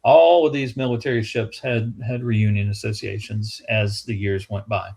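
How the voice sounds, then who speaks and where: A man's voice: on the low side, steady tone, normal speed, darkish tone, breathy edge. Southern-accented man, museum guest, easygoing anecdotal storyteller with frequent restarts. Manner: rambling anecdotal, with restarts and acted quotes. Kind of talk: casual storytelling chat.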